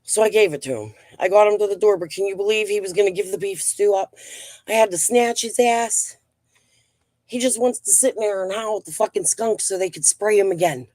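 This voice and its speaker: A woman's voice: mid-range voice, a little fast, mellow, no room sound. Woman, live stream host, casual rambling chat, blunt, profane, dry close sound. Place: at home.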